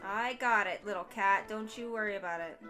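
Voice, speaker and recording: A woman's voice: medium pitch, fairly quick, pushed and bright. A young woman casually commenting as she plays a video game, with many fillers. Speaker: gaming channel host. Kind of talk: let's play commentary. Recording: game music behind.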